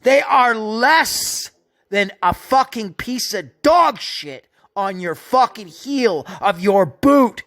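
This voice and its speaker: Brief: a seething man delivering a slow, profane commentary rant. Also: sits high, lively intonation, bright, forceful tone. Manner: profane, contemptuous, slow and emphatic. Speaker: video narrator. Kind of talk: angry ranting commentary.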